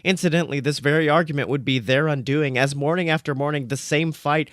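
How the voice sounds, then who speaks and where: A man reading out comic fan fiction in a dry, deadpan narrating voice. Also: on the high side, fast talker, no echo.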